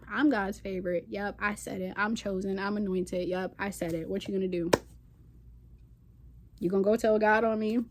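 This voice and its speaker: With a slight hiss or hum on the recording, this mid-range woman's voice carries an impassioned, unscripted rant to camera. She hosts a spiritual channel and comes across as sassy and defiant, leaning on casual slang and phrases she repeats for emphasis.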